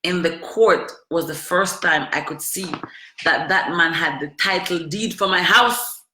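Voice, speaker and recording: A woman pours out a personal story to camera, emphatic and chatty, circling back on her phrases. Her voice is bright and forward, and the room around her rings with echo. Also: on the low side, measured pace, slight background noise. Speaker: vlogger telling her own story. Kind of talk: emotional personal testimony to camera. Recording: echoey room.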